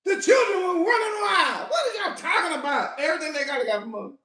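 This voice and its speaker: High-voiced woman preaching in an echoey room. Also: fast talker. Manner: animated, often shouting and laughing. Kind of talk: fiery sermon.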